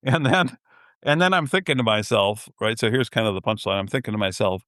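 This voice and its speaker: A man's voice: on the low side, brisk, a bit bright, dry recording, clean studio sound. A middle-aged man on a podcast telling a story, acting out both sides of a phone call and laughing in disbelief. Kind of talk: casual storytelling.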